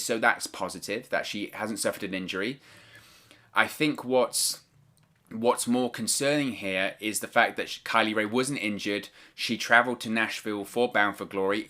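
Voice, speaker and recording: A man delivers solo news commentary in a fairly low voice with a bright, forceful edge. He talks cautiously, stumbling and repeating words as he picks his phrasing. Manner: hesitant, repeats words, stumbles while choosing words carefully. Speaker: wrestling news vlogger.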